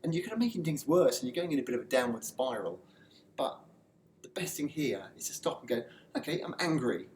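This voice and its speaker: A man delivers a personal development lesson in a relaxed, conversational way, often restarting his sentences. His voice sits at an ordinary middle pitch. The recording has a noticeable room echo and a faint hum of ambience underneath. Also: brisk. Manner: loose and conversational, frequent fillers and restarts. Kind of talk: motivational talk to camera.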